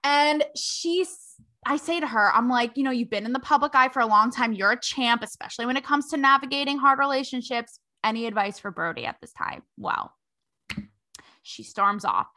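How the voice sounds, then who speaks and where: A young adult woman hosting a podcast, telling a story in a sassy, slangy, animated way. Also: on the high side, moderate pace. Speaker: podcast host. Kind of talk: casual storytelling commentary.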